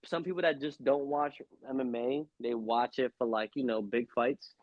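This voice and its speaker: A young man co-hosting a casual wrestling podcast, loud and joking, often slipping into mocking voices. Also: medium pitch, fairly even intonation, moderate pace, dry recording, highs cut off. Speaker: podcast co-host.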